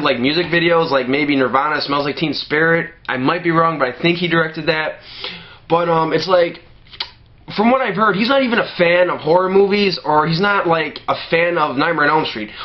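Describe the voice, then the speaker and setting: A man's voice: a little high, dull audio. Profanity-heavy young-sounding man ranting. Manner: heavy swearing, many "you know" fillers, restarts. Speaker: movie ranter. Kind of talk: profane movie rant to camera.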